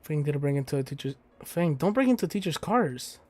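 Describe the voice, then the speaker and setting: A man's voice: a little high, big pitch swings, fairly quick, darkish tone. Crude, joking young man gamer. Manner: crude, joking asides between read lines. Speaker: let's play host. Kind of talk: let's play commentary and reading game text aloud. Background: faint game music.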